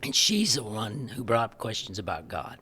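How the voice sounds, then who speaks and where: A man, a missionary guest telling lively stories in an interview and acting out the dialogue, often laughing. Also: fairly low pitch, normal speed, a little hiss or hum. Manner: animated, laughing storyteller who acts out quoted dialogue. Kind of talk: storytelling in a podcast interview.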